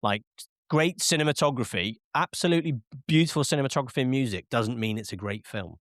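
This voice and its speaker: A man with a mid-pitched voice chats casually on a film podcast. He gives blunt verdicts and sounds close and dry on the mic. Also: fast, fairly bright tone, no room sound. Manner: blunt, dismissive verdicts, laughs easily. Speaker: film podcast co-host back from a festival.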